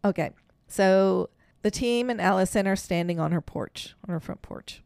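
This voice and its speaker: A woman's voice: medium pitch, normal speed, gravelly, clean tone, dry recording, studio quality. A woman co-hosting a podcast, telling a story in casual chat, laughing often and acting out what people said. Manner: animated storyteller, laughs often, acts out quotes. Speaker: podcast co-host.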